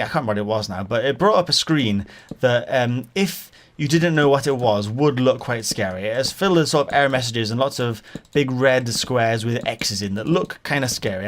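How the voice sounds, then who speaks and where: A man's voice: mid-range voice, slight background noise. A man chatting casually while he plays a game, rambling and muttering between stories. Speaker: gaming podcaster. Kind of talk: casual gaming commentary and storytelling.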